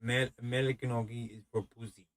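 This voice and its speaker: A man's voice: medium pitch, level tone, quick pace, dry recording, close to an everyday voice. A man voicing a stocky, blunt Russian tough guy in a put-on Russian accent, as a mocking impression of a friend. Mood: scornful. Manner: mocking, self-described terrible impression.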